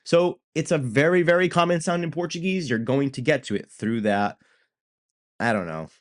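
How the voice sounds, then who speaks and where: A man from New England with a light regional American accent, teaching a casual language lesson in a relaxed, chatty way with frequent ums and self-deprecating asides. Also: on the high side, normal speed. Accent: American English with a light New England tinge. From New England, United States.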